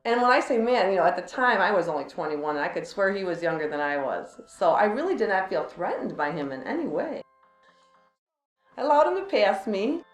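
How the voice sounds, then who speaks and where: A woman's voice: medium pitch, brisk, roomy sound, soft background music, rough recording. A woman casually telling a personal story to friends, laughing often and acting out what people said. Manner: animated, laughs often, acts out quotes.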